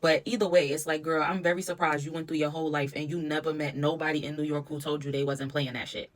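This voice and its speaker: Woman, low pitch, casual commentary, opinionated, blunt. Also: flat delivery, fast talker. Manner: opinionated, blunt, swears freely. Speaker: reality TV reviewer.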